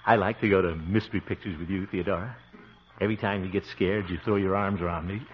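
A man's voice: low voice, steady tone, fast talker, close to an everyday voice. An actor in an old radio drama playing a bashful, eager small-town man who stammers and giggles. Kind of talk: 1940s radio drama acting. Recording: dull old radio recording.

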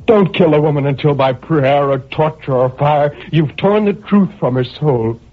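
Radio drama lead: a man voicing a husky, unhinged killer pacing his cell, on a dull, muffled old broadcast recording. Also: a little high, moderate pace, lightly acted. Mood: raving. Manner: swings between manic laughter and brooding menace. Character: tormented male murderer raving in his cell.

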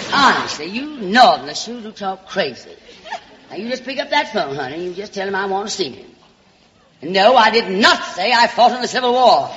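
A woman from Alabama hosts a radio variety show, giving a comic monologue in a theatrical Southern drawl and calling everyone darling. Her mid-range voice is a bit bright, on a muffled old broadcast with hall reverb and faint hiss.

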